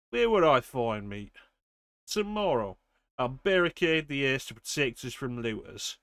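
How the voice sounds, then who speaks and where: A man's voice: medium pitch, fairly bright tone, dry recording, studio quality. Man streamer reading game notes aloud. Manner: reads steadily, then chats casually with fillers.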